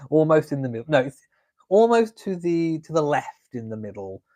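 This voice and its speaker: A chatty, playful man hosts a relaxed live stream from home. He reads out viewer comments and answers them with camp little asides. His voice sits a touch higher than most men's. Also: normal speed. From England. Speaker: vlog host reading live chat. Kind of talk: casual live-stream chat. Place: home, drinking coffee.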